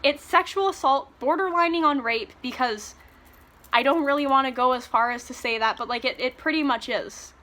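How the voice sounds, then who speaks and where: A woman giving a ranting book review, retelling scenes in an animated, sarcastic way and swearing freely. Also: high voice, normal speed.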